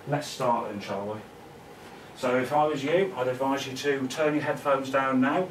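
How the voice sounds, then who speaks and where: A man's voice: medium pitch, slight background noise. Chatty man, roomy and distant. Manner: rambling, joking, chatty. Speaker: vacuum cleaner video host. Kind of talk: casual vlog talk. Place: indoors at home. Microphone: camera mic on a tripod. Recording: roomy, mic set away.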